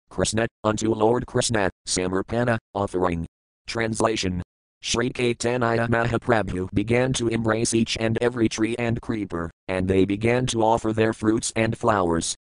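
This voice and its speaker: A man reads verses aloud in a steady, measured recitation, giving each word's meaning and then the translation. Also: on the low side, clear, resonant tone, no echo, low-quality recording. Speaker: scripture reader.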